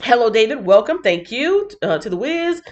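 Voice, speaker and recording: A woman's voice: on the high side, sing-song, normal speed, muffled recording. A woman hosting a Bible reading stream, chatting casually and animatedly with many fillers.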